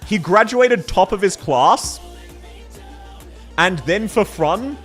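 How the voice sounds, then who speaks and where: A man's voice: high-pitched, expressive, takes it slowly, a bit bright, soft background music. A man with an Australian accent, chatting casually with viewers on a live stream, rambling and laughing at himself. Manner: rambling, self-mocking, laughs often.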